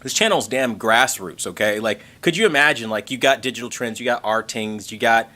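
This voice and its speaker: A man hosting a tech livestream in casual chat, excitable and rambling, swearing casually and thanking members. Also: medium pitch, a little fast. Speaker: tech channel host reading member messages on a livestream.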